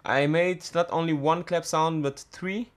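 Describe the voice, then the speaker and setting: A man's voice: a little high, steady tone. Hesitant man explaining drum production. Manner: halting, many fillers and restarts. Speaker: music production tutor. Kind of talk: screen-recorded software tutorial.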